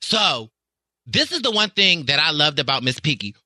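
A man with a Southern accent, a podcast guest in lively casual chat, theatrical and quick to laugh. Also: on the high side, no room sound.

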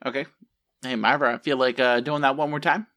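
A man at a tabletop game with friends, tossing out casual jokes full of swearing. His voice is mid-pitched and everyday. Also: fairly even intonation, fairly quick, bright, forceful tone. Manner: joking, profane banter. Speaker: player. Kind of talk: casual chat while playing a tabletop game.

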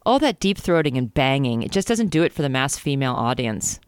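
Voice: medium pitch, sing-song, a little fast, slight background noise. A podcast co-host reading a romance novel aloud in a casual, comedic way, giggling and stumbling over words.

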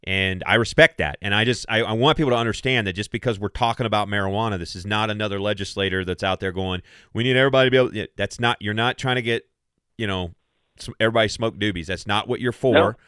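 A male host asks his questions carefully and conversationally. His voice is deep and smooth, with a resonant tone. The sound is close and dry. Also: fast talker, bright, forceful tone, dry recording. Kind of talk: casual interview.

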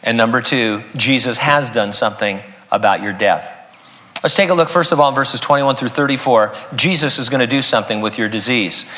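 A man's voice: medium pitch, fairly quick, pushed and bright. A man preaching an expository sermon as a pastor, earnest and teaching, reading scripture aloud.

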